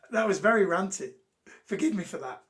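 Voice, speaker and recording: Speaking in a high, slightly bright voice, this Birmingham man runs an unscripted live motivational show for a chat audience. He rants bluntly, swears without restraint and banters with his viewers.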